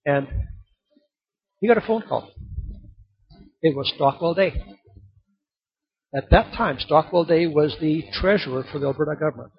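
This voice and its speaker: A very husky, raspy male pastor, delivering a sermon in a somewhat high voice. He tells a story and then urges the congregation on at full volume. The recording is dull and muffled. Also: normal speed, long pauses. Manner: storytelling, building to loud exhortation.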